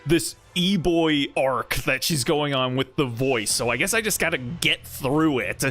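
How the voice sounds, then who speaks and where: A man streams a game and talks through it in a rambling, sarcastic way, laughing often. His voice is bright and forceful, and he speaks at an unhurried pace while faint music plays underneath. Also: on the high side. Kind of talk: casual gameplay commentary.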